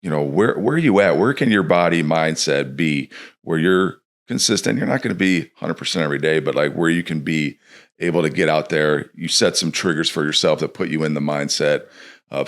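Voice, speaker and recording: A man's voice: extremely low pitch, a little fast. A man from Chicago, a former pro baseball player, talking casually as a podcast guest and acting out quotes as he speaks.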